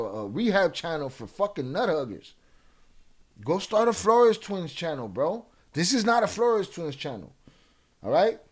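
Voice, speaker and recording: Combative high-voiced male streamer. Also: a little mellow. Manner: combative, profane, arguing with commenters; repeats and restarts phrases. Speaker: streamer reacting to chat. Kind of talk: live-stream chat talk.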